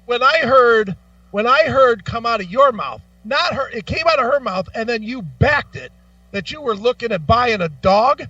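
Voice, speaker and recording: A man co-hosting a radio talk show, telling stories with lots of profanity in a lively, animated way. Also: very high voice, moderate pace, dry recording, far from the mic, dull audio, soft background music. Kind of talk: casual chat. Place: radio studio.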